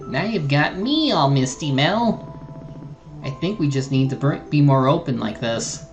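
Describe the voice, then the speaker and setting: A woman's voice: low-pitched, lively intonation, unhurried, lo-fi sound, faint music behind. A streamer voicing an earnest, remorseful young woman adventurer, reading game dialogue aloud with small slips and restarts. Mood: resolved.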